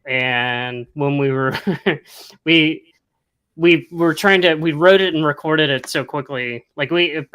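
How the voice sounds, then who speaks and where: A man's voice: mid-range voice, pushed and bright, smooth. A man, the singer of a band, chatting as a podcast guest in a laid-back, self-deprecating way. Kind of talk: casual interview chat.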